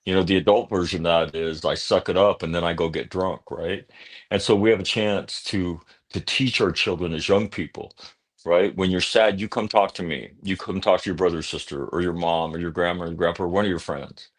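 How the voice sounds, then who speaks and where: A man's voice: sits low, fairly even intonation, fairly quick. A man, an author guest on a talk show, earnestly telling a personal story and often checking in with "right?". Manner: earnest, punctuates thoughts with "right?"; blunt at times.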